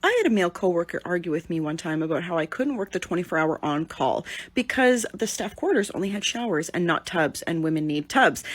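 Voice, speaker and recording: Brief: woman, quick-paced, sarcastic casual storyteller who swears, TikTok rant. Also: on the low side, no room sound. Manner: blunt, sarcastic, swears freely. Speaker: TikTok storyteller recounting a coworker.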